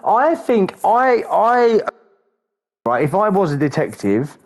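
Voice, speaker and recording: A man's voice: high-pitched, sing-song, slow pace. A man co-hosting a podcast, joking crudely and swearing in casual chat. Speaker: podcast co-host.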